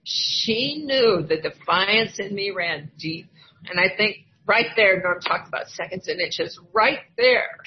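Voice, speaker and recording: A woman's voice: mid-range voice, animated, slow. An older woman from Iowa telling her own recovery story to a meeting, candid and acting out the voices she quotes. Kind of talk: personal testimony at a recovery meeting. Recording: dull lo-fi recording, faint ambience.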